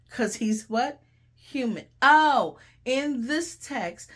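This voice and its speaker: A middle-aged woman with a slightly raised voice delivers Bible teaching as a host. She talks in an animated, conversational way, drops folksy asides and repeats phrases for emphasis. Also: on the high side. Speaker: host and preacher. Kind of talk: sermon-style Bible teaching.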